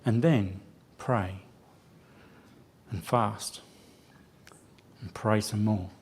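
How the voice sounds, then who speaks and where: A man's voice: lowish voice, extremely slow, a little mellow, breathy edge. Man preaching a personal sermon. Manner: self-deprecating storytelling with quoted dialogue. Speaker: lay preacher. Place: church sanctuary.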